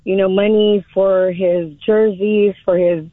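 A woman calling in to a radio show, emotional and halting, with many restarts. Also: medium pitch, flat delivery, no echo. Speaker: caller. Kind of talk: call-in radio chat. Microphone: phone. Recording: tinny phone line.

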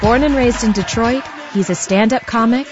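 A woman's voice: a little high, moderate pace. Lady radio host doing the intro, music playing and crowd noise, kinda muffled. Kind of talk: scripted broadcast introduction. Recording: dull sound with music and crowd behind.

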